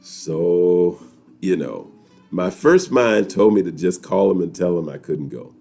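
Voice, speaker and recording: A man from New York, hosting a weekly chat and telling a story to viewers in a lively, laughing way. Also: low voice, a little slow, creaky, soft background music. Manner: animated, laughing, talks straight to viewers.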